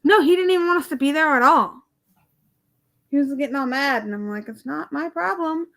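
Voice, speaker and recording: High bright woman telling stories. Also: brisk. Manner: animated, exasperated storytelling. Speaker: live streamer. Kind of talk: casual storytelling on a livestream.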